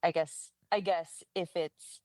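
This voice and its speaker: Lowish-voiced woman chatting, dry close sound, quick to laugh at herself. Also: fairly even intonation, warm tone, no echo. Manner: chatty storyteller, often laughing, acts out quotes. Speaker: guest co-host, younger sister. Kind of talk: casual chat.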